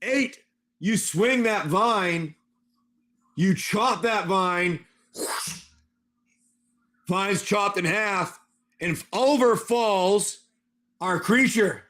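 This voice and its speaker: A man running a tabletop game on a livestream, narrating dice rolls and combat in an animated, excitable way. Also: high voice, very slow, pauses often. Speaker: game master.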